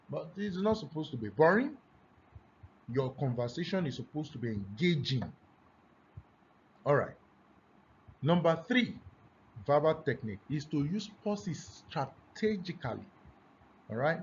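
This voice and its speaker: A man teaching a lesson on speaking skills, deliberately swinging between loud and soft for emphasis. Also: animated. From Nigeria. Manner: deliberately varies pitch and loudness, emphatic. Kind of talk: classroom lesson on public speaking. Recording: dull lo-fi recording with faint noise.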